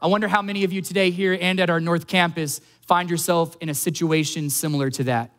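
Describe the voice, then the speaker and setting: A man with a notably high voice preaching a sermon to his congregation. He speaks earnestly and stretches out key phrases to land them. He sounds like a young adult pastor. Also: steady tone, fast, a bit bright.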